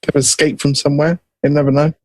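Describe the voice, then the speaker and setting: A man's voice: a little high, level tone, fast, darkish tone, dry recording. A man co-hosting a podcast, reading out odd news in casual banter. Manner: laid-back, reading out news stories. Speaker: podcast co-host.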